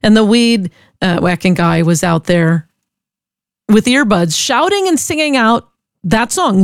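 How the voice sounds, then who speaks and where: A woman radio host chatting casually and telling a listener's story in an upbeat, animated way. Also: mid-range voice, unhurried, no echo, clean studio sound.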